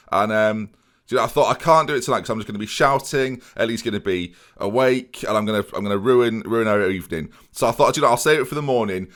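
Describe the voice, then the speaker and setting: A young man hosts a gaming video with a slightly low, somewhat bright voice. His let's-play commentary is casual, sardonic and self-deprecating, and he addresses his viewers directly.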